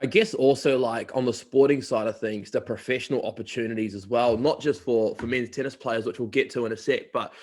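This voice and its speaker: Man, New Zealand accent, interviewer, chatty, mid-pitched voice. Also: steady tone, a little fast, hardly any pauses, darkish tone. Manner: chatty, anecdotal. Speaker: interviewer, college recruiter. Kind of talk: casual interview chat.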